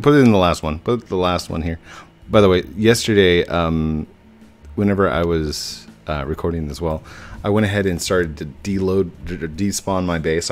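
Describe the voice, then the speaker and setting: A young male gaming YouTuber chats playfully through his gameplay commentary, laughing a lot and putting on squeaky voices whenever he quotes someone. Game music plays faintly underneath.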